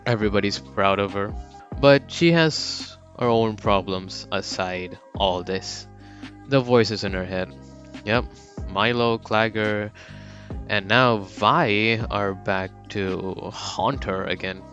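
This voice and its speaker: A man's voice: fairly low pitch, takes it slowly, fairly bright tone, muffled recording, faint music behind. A young man casually narrating a fan story, slangy and rambling.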